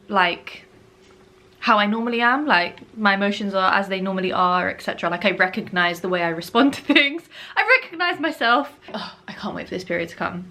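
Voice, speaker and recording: A young woman talks straight to camera in a casual diary vlog. Her voice is bright and clear, and her delivery is chatty and animated, with words repeated for emphasis. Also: medium pitch. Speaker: vlogger.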